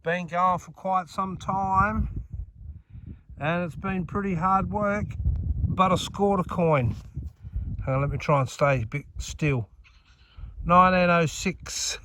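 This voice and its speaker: An Australian man vlogging casually outdoors on a farm, chatting easily and talking gently to a wild animal. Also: high voice, slow pace, pauses often. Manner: easygoing, chatty, coos softly at an animal. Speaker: metal detecting vlogger. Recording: distant outdoor audio, noisy background.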